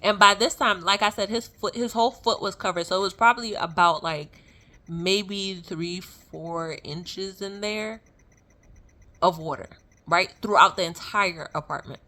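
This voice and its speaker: A young adult woman telling a personal story in a casual, animated way, full of fillers and laughing as she goes. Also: mid-range voice, a little slow. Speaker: vlogger sharing a testimony.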